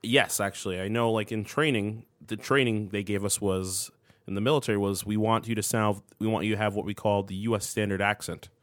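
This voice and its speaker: Low-voiced male co-host with a dry, close sound. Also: fairly even intonation, fairly quick, dry recording. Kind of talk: casual chat.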